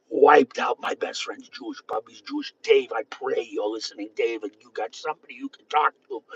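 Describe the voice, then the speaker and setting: A high, raspy man rants on a livestream, lurching between hoarse yelling and low, profane muttering. His pitch leaps all over the place, and his tone is sharp and tense. The sound is dull and lo-fi. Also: a little hiss or hum. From Boston area. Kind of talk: angry livestream rant.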